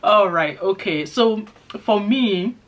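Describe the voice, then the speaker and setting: A middle-aged woman from Nigeria with a Nigerian accent, chatting quickly and animatedly to her channel's viewers. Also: mid-range voice, muffled recording. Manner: fast-talking, lively storytelling. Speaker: vlogger. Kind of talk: casual chat to camera.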